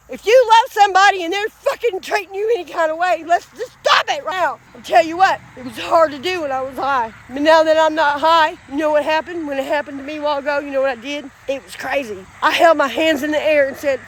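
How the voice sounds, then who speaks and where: A woman's voice: very high-pitched, a little fast. A woman from Indiana, vlogging outdoors in a field, talking bluntly with lots of swearing and repetition. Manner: blunt, profane, fired-up and repetitive. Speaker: vlogger in recovery. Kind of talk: emotional straight-to-camera vlog.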